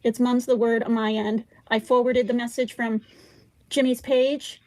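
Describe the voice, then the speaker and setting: A woman with a somewhat high voice hosts a casual livestream. She reads text messages aloud in a halting way, breaking off with ums and side comments. Her voice is close to the mic and dry, with no room sound. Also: little pitch movement, a little mellow, no echo. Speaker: livestream host.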